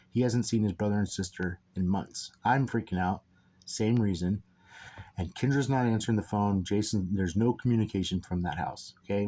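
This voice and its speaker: Man, low-pitched, rambling, emphatic, keeps checking in with the listener. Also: darkish tone. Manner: rambling and emphatic, repeating "okay?" and "dude". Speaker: father telling a personal story. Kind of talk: casual spoken monologue.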